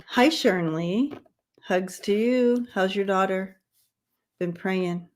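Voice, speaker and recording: A woman with a medium-pitched, slow, slightly mellow voice hosts a casual livestream tarot reading, with a faint hiss or hum in the audio. She chats with viewers and laughs often, and because of dyslexia she trips on long words and repeats them to get them right.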